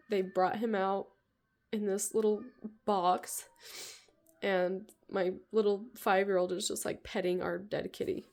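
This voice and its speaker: A woman in her thirties talks straight to her viewers in a loose, rambling vlog, leaning on "like" again and again. Her voice carries a lot of vocal fry and sounds raw with emotion, close to tears. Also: medium pitch, a little mellow. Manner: rambling, heavy use of "like", tearful. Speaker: vlogger. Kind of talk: casual personal vlog.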